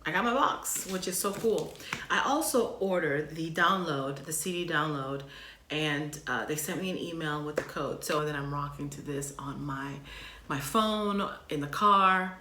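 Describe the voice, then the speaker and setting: A woman massage therapist hosting her own channel, gushing with excitement through a casual unboxing vlog full of slang. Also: sits low, unhurried, reverberant, a little hiss or hum.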